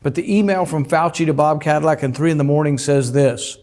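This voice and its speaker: A man's voice: a little high, a little mellow. Emphatic man discussing his book. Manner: deliberate, emphatic, with frequent fillers. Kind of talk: speech about his book.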